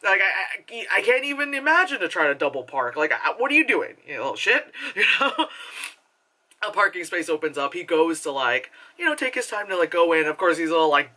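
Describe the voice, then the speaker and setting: Bright-voiced rambling woman reviewer. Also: sits low, lively intonation, normal speed. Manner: rambling, filler-heavy, swears casually, laughs often. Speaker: movie reviewer. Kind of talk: casual rambling movie review.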